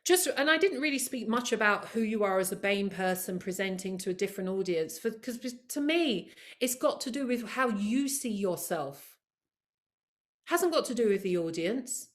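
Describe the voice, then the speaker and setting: A woman presenting a live online training session over a video call, lively and encouraging, talking straight to her attendees. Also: medium pitch, normal speed. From of Caribbean heritage. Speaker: workshop presenter.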